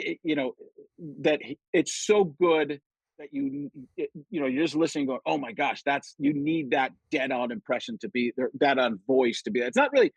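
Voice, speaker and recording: A middle-aged man, a comedian guest on a podcast, chatting casually and telling stories with lively quoted voices. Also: fairly high pitch, gravelly, breathy edge, no room sound, low-quality recording. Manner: animated storytelling, jumps into quoted voices. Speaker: guest impressionist.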